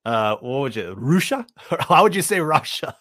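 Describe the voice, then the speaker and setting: A man's voice: medium pitch, sing-song, unhurried, a bit bright. A man co-hosting a podcast, teasing and laughing often in casual chat. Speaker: podcast co-host.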